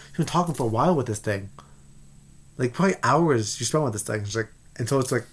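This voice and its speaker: Man vlogger, mid-pitch, rambling spoiler review, eager and loose, keeps restarting. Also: quick pace, breathy edge. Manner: rambling, excitable, many restarts. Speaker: movie reviewer.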